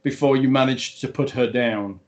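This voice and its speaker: Man, game master, chatty tabletop narration, filler-heavy, mid pitch. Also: fairly even intonation, normal speed. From not from Texas. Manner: leans on filler phrases like "ultimately".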